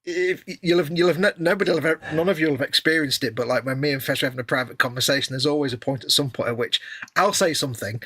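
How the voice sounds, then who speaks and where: A middle-aged English man co-hosting a casual live stream, quick and self-deprecating, laughing often. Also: a little high, fairly bright tone, husky, no room sound. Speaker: co-host.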